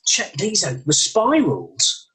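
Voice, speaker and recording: A man's voice: high-pitched, wildly swooping pitch, takes it slowly, sharp tone, slight background noise, low-quality recording. A man with a Lancashire accent chatting playfully and cracking jokes over a video call. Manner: jokey, playful. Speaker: guest panelist. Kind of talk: casual chat.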